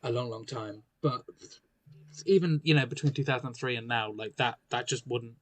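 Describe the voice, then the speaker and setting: Guy guesting on a podcast, thinks out loud, lots of restarts. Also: medium pitch, moderate pace. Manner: thoughtful, hesitant, with restarts. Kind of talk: casual chat.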